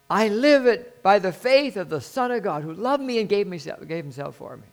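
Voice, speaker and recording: A male pastor preaching a sermon in an earnest, conversational way, swinging from quiet asides to sudden emphatic lines. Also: high-pitched, animated, a little fast, few pauses.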